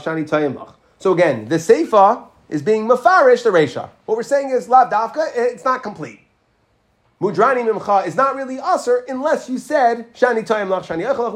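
A man teaching a Talmud class, walking through the text with questions and repeating Hebrew phrases in a chanting rhythm. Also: high-pitched.

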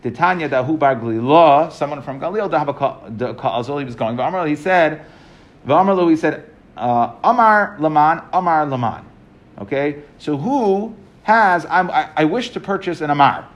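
A man teaching a class, reading passages aloud and explaining them in casual, halting English with frequent restarts. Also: fairly high pitch, lively intonation. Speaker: Talmud teacher.

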